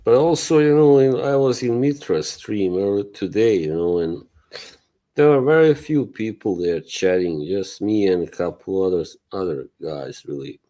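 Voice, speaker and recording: A man's voice: fairly low pitch, lively intonation, moderate pace, mellow. A man hosting a casual live stream, rambling loosely, swearing and laughing as he talks to his chat. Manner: greets and answers chat viewers. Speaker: livestream host.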